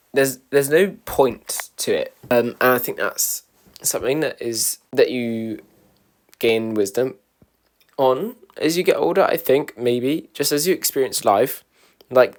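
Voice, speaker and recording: A man's voice: medium pitch, darkish tone. A young man, a student, rambling casually to camera as a vlogger in a self-deprecating way, often restarting his sentences. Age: young adult, a student.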